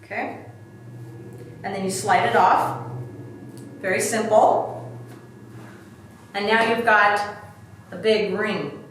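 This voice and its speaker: A woman's voice: medium pitch, fairly even intonation, takes it slowly, pauses often, fairly bright tone. A middle-aged woman, a DIY expert, casually talking through a craft demonstration step by step in a chatty, self-deprecating way. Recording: echoey room, mic at a distance, faint background noise.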